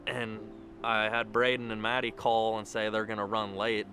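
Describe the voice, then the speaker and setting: Over soft background music, a young groom recounts how he proposed and then gives a wedding toast. His lowish voice is monotone and sharp at a moderate pace, and his storytelling rambles on in run-on sentences strung together with "and."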